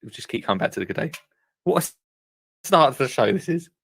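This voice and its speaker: A man's voice: medium pitch, very animated, fast talker, creaky, fairly bright tone, husky, no room sound. Rambling, chuckling man hosting. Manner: rambling, chuckling, self-mocking. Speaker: host of a live gardening call-in show. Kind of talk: casual live show chat.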